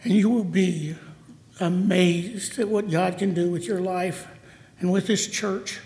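A man's voice: sits high, steady tone, unhurried, a little mellow. A man giving an emotional, emphatic sermon to a small congregation in a church hall. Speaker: church speaker. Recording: hall reverb.

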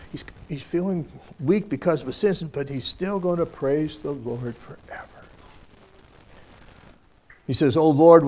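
Guy leading a scripture class, reads a verse then chats about it, kinda high voice. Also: dark tone. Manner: reads verses aloud then comments conversationally; many fillers and restarts. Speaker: scripture study teacher. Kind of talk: informal scripture lesson.

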